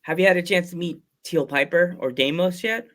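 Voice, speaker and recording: A podcast host with a high-pitched, fairly bright voice tells a rambling story during a casual interview. He acts out quoted voices and keeps halting and restarting mid-sentence.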